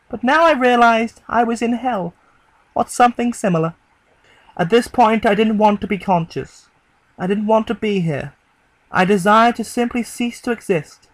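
A man narrating a horror story in a grim, measured storytelling delivery. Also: high-pitched, dry recording, rough recording. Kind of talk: dramatic horror story reading.

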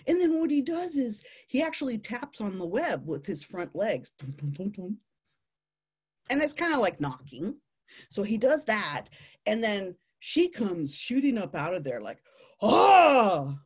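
Lively woman telling a nature story. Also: mid-range voice, normal speed, breathy edge. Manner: animated, playful, laughs often. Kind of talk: family storytelling.

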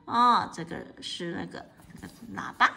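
A woman reading a picture book aloud to a child, explaining the pictures in a lively way, often laughing and asking questions. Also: lowish voice, moderate pace, creaky. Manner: lively, asks a child questions, mixes in English.

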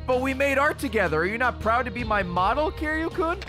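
A man's voice: very high voice, animated, a little fast, voice pushed up. A man voicing an eccentric, flamboyant male art photographer in a theatrical, gushing read. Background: game music.

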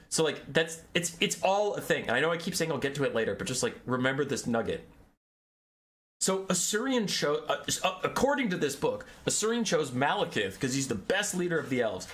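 Animated young man ranting about lore. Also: medium pitch. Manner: exasperated, sarcastic, swears often. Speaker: lore video creator. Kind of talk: casual lore rant.

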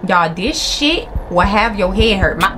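A young woman commentating her horror gameplay, excitable and profane, with jumpy reactions. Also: medium pitch, a little slow, music in the background. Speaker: gaming channel host. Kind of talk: live horror game commentary.

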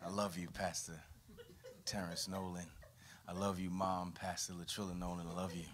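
A man, a pastor preaching a lively sermon to his congregation, his voice rising and falling from loud to quiet. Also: moderate pace, slight background noise. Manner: animated preaching with sweeping pitch and volume. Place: church.

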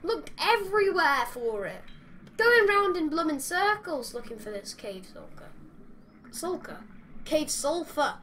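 A woman's voice: high voice, very animated, measured pace, a bit bright, a little hiss or hum. A woman commenting as she plays a game, chatty and exasperated, talking to the creatures on screen. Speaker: gamer. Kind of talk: playing commentary.

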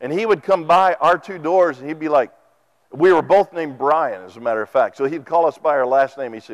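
Animated, high-voiced male preacher. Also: fairly quick. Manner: animated, folksy, acts out quotes. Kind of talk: sermon. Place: church sanctuary. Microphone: microphone.

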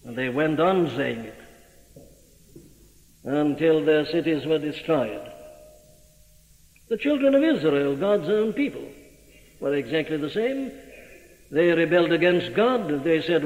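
A man's voice: a little high, animated, unhurried, long pauses, a little mellow. A male preacher giving an emphatic sermon, pressing the listener with rhetorical questions. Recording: dull old recording, long hall reverb.

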